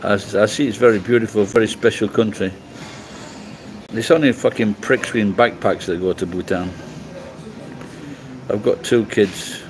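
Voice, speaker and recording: A man's voice: fairly low pitch, a little slow, long pauses, slight background noise, poor audio. Blunt rambling Englishman on a livestream. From England. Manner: rambling, blunt, swears freely. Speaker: livestream host. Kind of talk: casual livestream chat reading comments.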